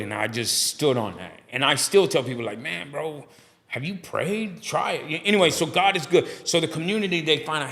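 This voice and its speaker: A man, animated, telling his story in a casual interview and acting out other voices. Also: fairly high pitch, brisk. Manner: animated, preachy storyteller who acts out dialogue. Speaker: barbershop owner and guest.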